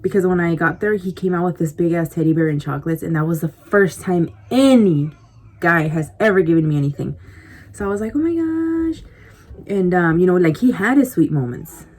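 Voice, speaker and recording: A woman's voice: fairly low pitch, brisk, a little mellow. A woman vlogger telling a casual story to the camera, rambling and chatty, full of "like" and "you know," confiding in her viewers as she snacks. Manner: confiding, speaks directly to viewers. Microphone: compact camera mic.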